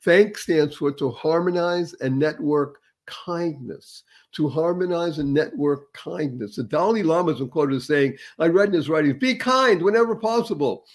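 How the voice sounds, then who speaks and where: Male motivational show host, higher voice, emphatic and theatrical delivery. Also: moderate pace, hardly any pauses, darkish tone. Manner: emphatic and showy, building to big introductions.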